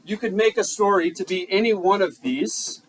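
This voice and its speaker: High-voiced joking male teacher. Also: normal speed, low-quality recording. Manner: joking, keeps quizzing the class. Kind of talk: classroom lecture. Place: classroom.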